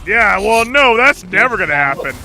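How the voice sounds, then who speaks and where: A man streaming a game and chatting casually with friends, loud, profane and playfully teasing. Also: high voice, sing-song, normal speed, vocal fry, faint music behind. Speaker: streamer and host. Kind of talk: casual group chat while gaming.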